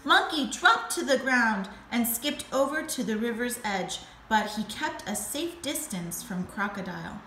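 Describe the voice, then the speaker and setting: A woman teacher reading a storybook aloud to her class, slow and expressive. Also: a little high. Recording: echoey room with faint noise.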